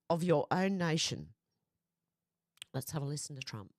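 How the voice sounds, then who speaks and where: A woman's voice: low-pitched, very animated, normal speed, long pauses, dry recording. Giggly woman vlogger, dry close sound. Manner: giggly, chatty, prone to laughing fits. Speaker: vlog host. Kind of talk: casual commentary vlog.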